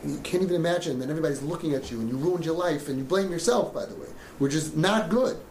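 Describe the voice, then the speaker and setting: A man talks to a room of parents with real passion, slipping into the voices of parents and kids. His voice sits fairly high. The room is echoey, with a faint hum of ambience behind him. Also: fast talker, a little mellow. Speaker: parenting coach speaking to parents. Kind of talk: emotional talk to a parents' group.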